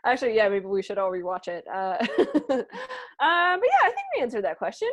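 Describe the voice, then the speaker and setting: A woman's voice: medium pitch, huge pitch swings, fairly quick. A woman co-hosting a comedy dating-advice podcast, reading out listener questions and laughing often. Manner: giggly, reads listener questions aloud. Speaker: podcast co-host. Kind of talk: casual comedic chat.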